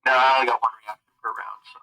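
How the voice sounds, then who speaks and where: A man's voice: mid-range voice, little pitch movement, rapid-fire, sharp tone, low-quality recording. A man playing a tabletop game, asking careful questions about the rules. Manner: asks careful clarifying questions. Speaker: player. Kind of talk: casual tabletop game talk.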